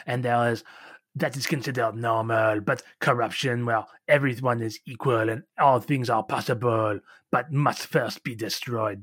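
A man's voice: fairly high pitch, no room sound, studio quality. A man doing a sulky captured cultist.

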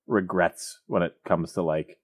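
A man's voice: low voice, fairly even intonation, unhurried, husky. A man telling a story in casual, joking podcast chat, rambling with comic asides.

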